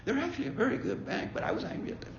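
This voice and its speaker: A man's voice: very high voice, wildly swooping pitch, racing, a little hiss or hum. A man leading a faith-based bereavement talk, conversational, often repeating himself and checking in with "okay?". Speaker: grief ministry leader. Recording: echoey room, dull lo-fi sound.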